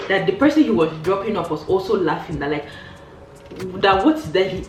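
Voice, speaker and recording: Chatting casually for her vlog, a Nigerian woman spins animated stories and voices what people said with big pitch leaps. The distant mic gives the audio a roomy, off-mic quality, and faint music plays underneath.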